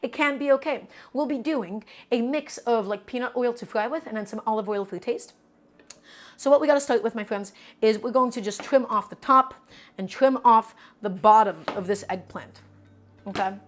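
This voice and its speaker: A chatty woman hosts a relaxed cooking livestream with a fairly high voice. She walks through each step in a friendly, reassuring way. She keeps stopping to answer questions from chat. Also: normal speed. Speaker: cooking show host.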